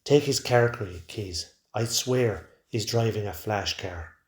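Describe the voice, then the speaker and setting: A man's voice: on the low side, takes it slowly. A man voicing a jeering young male thug, taunting and cruel. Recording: roomy echo.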